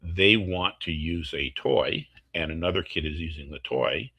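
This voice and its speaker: A man's voice: sits low, a little slow, bright, forceful tone, breathy edge. A man, a course instructor, explaining teaching techniques step by step through worked examples over a video call.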